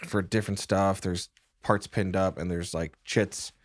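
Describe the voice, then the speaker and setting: A man's voice: deep voice, fairly even intonation, unhurried, no room sound, studio quality. A man narrating as game master of a tabletop game in a casual, filler-heavy way.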